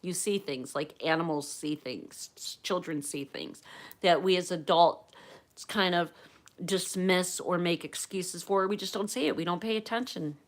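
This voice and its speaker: A woman from Pennsylvania hosting a livestream, telling a personal story in a chatty, animated way and acting out the quotes. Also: on the low side, a little slow. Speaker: livestream host.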